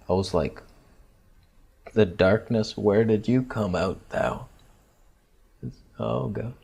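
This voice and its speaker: A young man casually telling a story to camera, crude and joking, dropping into quiet theatrical asides. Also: lowish voice. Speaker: vlogger.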